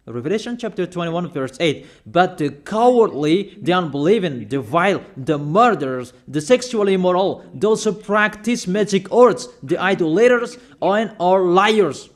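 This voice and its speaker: A man preaching a sermon in emphatic, repetitive English with halting, non-native phrasing, firing questions at his listeners. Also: sits high.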